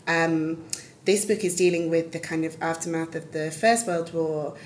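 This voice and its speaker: A woman's voice: sits low, fairly even intonation, normal speed, a little hiss or hum, rough recording. A woman co-hosting a podcast, talking casually and rambling, with lots of fillers and hedges. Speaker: podcast co-host. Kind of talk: casual book chat.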